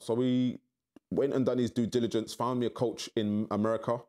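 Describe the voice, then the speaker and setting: A middle-aged man from tells his story in an interview, and his voice keeps leaping up high as he acts out other people's words. He sits at a middling pitch and talks in candid, storytelling turns. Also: brisk. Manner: animated, acts out quoted voices with big pitch jumps. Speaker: interview guest.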